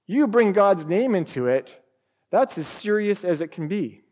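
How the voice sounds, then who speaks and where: A man delivers a sermon at an unhurried, deliberate pace in a slightly raised voice. He presses his points with emphatic rhetorical questions. His words ring out with the long reverb of a large hall. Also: sits high, big pitch swings, a little mellow. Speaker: pastor.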